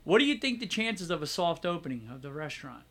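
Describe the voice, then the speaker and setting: A man's voice: fairly high pitch, very animated, fast talker, a bit bright. A middle-aged American man co-hosting a podcast, chatty and self-mocking, laughing at himself as he reads out news items. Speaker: podcast co-host. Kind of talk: casual podcast chat.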